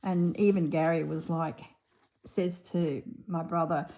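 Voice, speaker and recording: A middle-aged woman chats through her crafting vlog with a mellow, lowish voice. She rambles happily, laughs often, and tells stories in a relaxed, homely way. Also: takes it slowly. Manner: chatty, laughing, rambling storytelling. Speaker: crafting vlogger. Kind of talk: casual chat while crafting.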